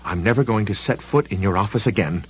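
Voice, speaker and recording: A man's voice: lowish voice, fast, husky, lo-fi sound. A man voicing an angry, tearful woman who speaks in a bitter, accusing way. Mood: furious.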